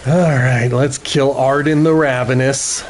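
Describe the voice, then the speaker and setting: Middle-aged male streamer, unhurried, chatty, laughs easily, casual gameplay talk. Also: mid-range voice, fairly even intonation, a little hiss or hum. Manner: chatty, laughs often, self-correcting.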